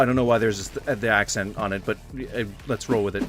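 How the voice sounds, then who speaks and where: A man giving casual commentary while playing a game, muttering to himself with sarcastic, mock-formal complaints and sudden loud outbursts. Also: on the low side, fairly even intonation, quick pace, faint music behind. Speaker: gaming streamer.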